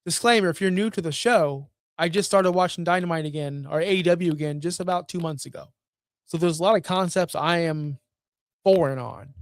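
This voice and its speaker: Male host, casual rant commentary, blunt and exasperated, higher voice, dry sound. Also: no room sound. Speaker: wrestling show host.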